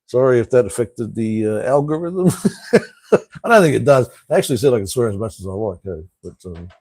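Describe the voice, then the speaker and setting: A man's voice: mid-range voice, animated, a little fast, mellow, dry recording. A man in his fifties from Tasmania with an Australian accent, hosting a casual live stream and answering viewers bluntly, swearing freely and chuckling between remarks. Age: 50s. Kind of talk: casual live chat reading viewer comments.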